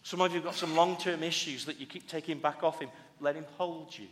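Pastor preaching in a reverberant hall. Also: male voice, on the high side, fairly even intonation, a little fast. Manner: conversational and warm-humored, with frequent restarts and asides. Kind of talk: sermon. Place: church hall. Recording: long reverb of a church hall.

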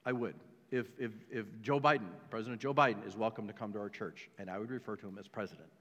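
In a church sanctuary, a male pastor with a lowish, slightly bright voice preaches quickly. His sermon is emphatic and repetitive, broken up by joking asides to the congregation, and the recording carries a long hall reverb.

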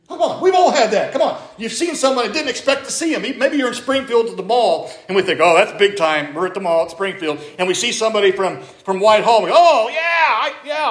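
A middle-aged man who is a pastor gives a conversational sermon, posing questions to the congregation. His voice sits high and sounds a bit bright, recorded in an echoey church room.

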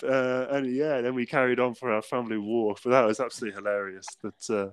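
A man's voice: mid-range voice, level tone, fast, smooth. Chatty young man. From England. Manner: rambling storyteller, laughs often, many fillers. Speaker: podcast co-host. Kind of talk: casual chat.

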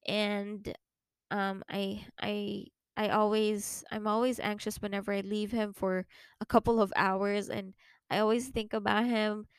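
A young woman from the Philippines, hosting a podcast and telling a personal story in a halting, emotional way with many restarts. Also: mid-range voice, clear, resonant tone, no echo. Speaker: podcast host.

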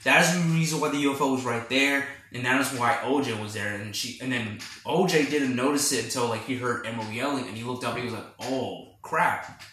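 A man hosting a casual film review chat, retelling scenes in a rambling, animated way with quoted reactions. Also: medium pitch, fast talker, few pauses, a little hiss or hum. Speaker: podcast host. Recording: echoey room.

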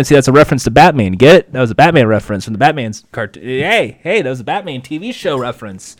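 A man's voice: mid-range voice, lively intonation, quick pace, few pauses, no echo, studio quality. Sarcastic man riffing on a show. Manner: sarcastic, swearing, joking asides. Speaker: show recapper. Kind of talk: sarcastic comedy recap.

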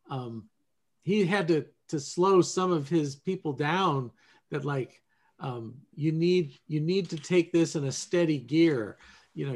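A man hosting a video call discussion, asking curious, conversational questions. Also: on the high side. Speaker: host.

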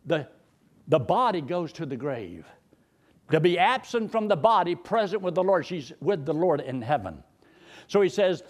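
A male pastor, preaching a sermon in a folksy, joking storyteller's way. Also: high voice.

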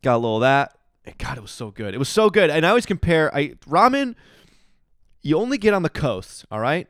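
A man in his thirties talks to his podcast from a hotel room, slightly tipsy and yawning. He rambles and restarts, then breaks into emphatic outbursts. His voice is smooth and resonant, recorded dry and close. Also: mid-range voice, no echo. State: drowsy and a little tipsy, yawning. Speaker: podcast host. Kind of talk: casual solo podcast monologue.

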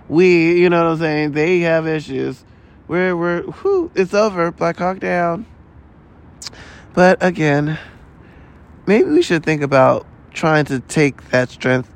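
A man with a fairly high voice delivers a rambling solo podcast monologue. He rants in a loose, profane, exasperated way, stacking asides as he goes. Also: vocal fry. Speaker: podcast host.

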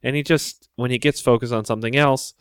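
A young man co-hosts a casual podcast, telling stories in a laid-back, joking manner. His voice is smooth and resonant at an ordinary pitch, recorded close and dry. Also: steady tone, quick pace, dry recording. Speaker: podcast co-host. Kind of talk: casual chat.

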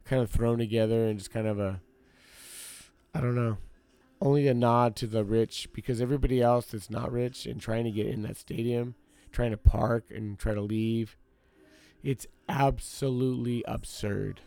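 The man's voice is medium in pitch, creaky yet warm and smooth, delivered at normal speed in a steady tone. As host of his own podcast, he tells a story like a casual rant, hammering points through repetition and speaking straight to "y'all."

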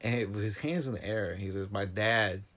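Talking fast, a man with a fairly low voice recaps a movie during a relaxed chat, growing animated and lifting his voice for the key moments. He seems on the verge of crying as he tells it.

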